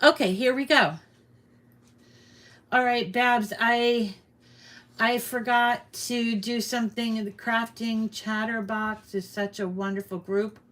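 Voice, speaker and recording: A woman's voice: on the high side, fairly even intonation, slow, a bit bright. A woman hosting a casual crafting tutorial at home, chatty and meandering with frequent ums and restarts, a little out of breath. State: slightly out of breath. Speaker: crafting channel host. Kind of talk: casual screen-share tutorial.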